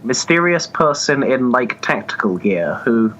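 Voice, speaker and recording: A man's voice: medium pitch, very animated, a little slow, a bit bright, highs cut off, slight background noise. A man co-hosting a podcast, chatting casually about comics with frequent laughter and hesitant fillers. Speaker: podcast co-host. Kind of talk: casual comic book discussion.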